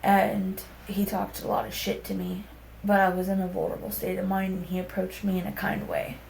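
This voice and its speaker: Gravelly young woman, candid and raw. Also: mid-range voice, monotone, brisk, a little mellow. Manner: candid and raw, with casual swearing. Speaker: podcast guest. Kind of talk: personal storytelling conversation. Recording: echoey room with faint background hum.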